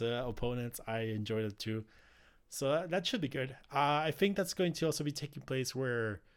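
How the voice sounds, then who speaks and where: A man casually recapping a wrestling show, rambling with many fillers and restarts. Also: mid-range voice. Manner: rambling, frequent fillers and restarts, laughs easily. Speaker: wrestling podcast host.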